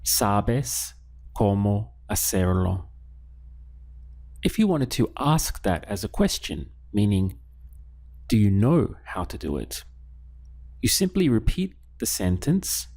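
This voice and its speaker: A man teaching a beginners' language lesson, saying each phrase twice in a patient, steady way. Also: fairly low pitch. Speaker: Spanish teacher. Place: lives in Latin America.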